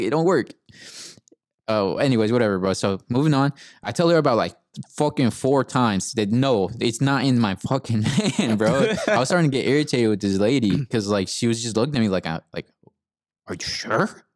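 Low-voiced young man ranting casually. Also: dry recording, clean studio sound. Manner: profane, laid-back, says "bro" often. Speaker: podcast co-host. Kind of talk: casual storytelling rant.

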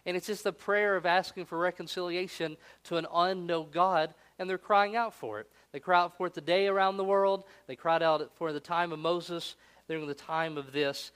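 Male pastor, a touch higher-pitched, earnest sermon delivery with solemn read passages. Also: steady tone, a bit bright, clean tone. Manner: earnest preaching, with slow solemn readings.

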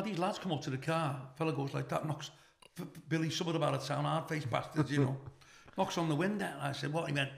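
A man's voice: on the high side, vocal fry, echoey room. An older man with a Liverpool accent, a comedian telling brash, profane stories in a casual interview. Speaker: comedian, guest.

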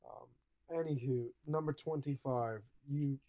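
A young man in casual podcast chat, rambling with lots of profanity. His voice sits at a middle pitch and jumps up when he gets worked up. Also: steady tone, measured pace, warm tone. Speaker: podcast co-host.

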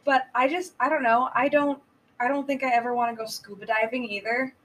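A woman chatting casually as a podcast guest, relaxed and a little hesitant. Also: a little high, brisk, distant mic, a little hiss or hum, rough recording. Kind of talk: casual chat.

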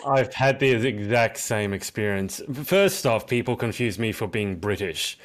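A man's voice: lowish voice, moderate pace. Australian male podcast host. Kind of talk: casual interview chat.

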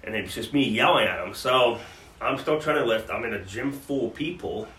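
A man's voice: medium pitch, brisk, fairly bright tone. A man in conversation on a podcast, earnestly recounting hard memories with frequent restarts. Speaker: podcast co-host. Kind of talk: personal storytelling in conversation. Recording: roomy sound from a distant mic with faint background noise.

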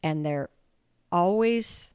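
A woman's voice: on the low side, animated, slow, a little mellow, smooth, no echo, clean studio sound. A woman hosting her own podcast, talking candidly and animatedly in a casual solo monologue, laughing often and swearing now and then. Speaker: podcast host.

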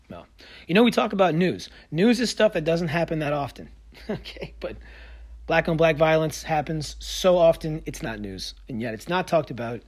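A man hosting a sports podcast, delivering a heated, sarcastic solo rant that swings from loud outbursts to low mutters. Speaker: podcast host.

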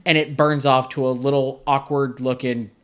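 A man's voice: medium pitch, level tone, normal speed. Sarcastic male podcast host. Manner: sarcastic, exasperated. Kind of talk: casual film review chat.

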